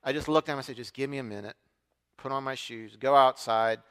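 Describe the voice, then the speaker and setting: Man, middle-aged, preacher, animated storytelling, bright forceful voice, long hall reverb. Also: mid-range voice, a little fast, smooth. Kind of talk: storytelling sermon.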